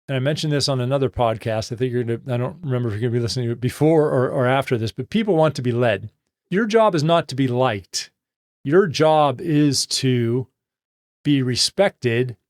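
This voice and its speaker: A middle-aged man hosts a live Q&A on leadership. His voice sits at an ordinary middle pitch and comes across dry and close to the mic. He tells stories with energy and voices the dialogue inside them. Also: no echo. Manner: animated storyteller, acting out quoted dialogue. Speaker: host answering listener questions. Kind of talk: live Q&A advice talk.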